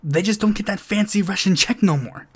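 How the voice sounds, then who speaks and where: A man's voice: high-pitched, a little fast, slightly rough. A man hosting a political podcast, talking through the news in an exasperated, sarcastic monologue full of fillers. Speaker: podcast host.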